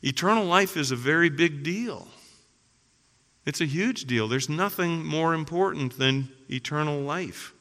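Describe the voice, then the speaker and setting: A man's voice: on the high side, lively intonation, measured pace, bright, forceful tone. A man preaching a sermon to his congregation, earnest and building emphasis through repetition. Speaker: pastor. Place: church sanctuary. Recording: long hall reverb.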